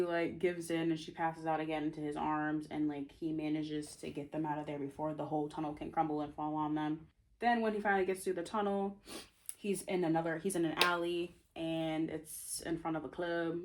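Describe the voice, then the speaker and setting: A woman's voice: deep voice, fairly even intonation, brisk, darkish tone. A young woman casually retelling the plot of her own novel, chatty and full of fillers, often breaking into giggles.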